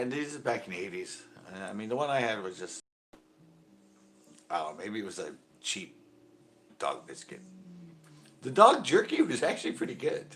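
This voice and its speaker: Middle-aged male host, low and animated, rambling live-stream storyteller, faint music behind. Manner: rambling storyteller, acts out quotes loudly and laughs often. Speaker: host of a fishing channel livestream. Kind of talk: casual live-stream chat.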